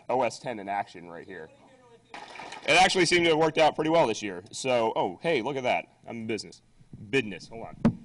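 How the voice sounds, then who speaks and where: A man's voice: fairly low pitch, fairly bright tone, slight background noise. A man running the closing of a conference from the stage, chatty and loose, swearing casually as he talks. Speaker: conference organizer.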